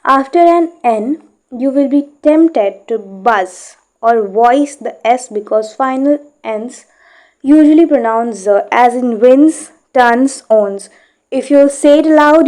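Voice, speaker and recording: A woman's voice: on the high side, dark tone. A woman teaching English pronunciation, reading a passage from a book aloud and explaining it step by step, with frequent "okay?" checks.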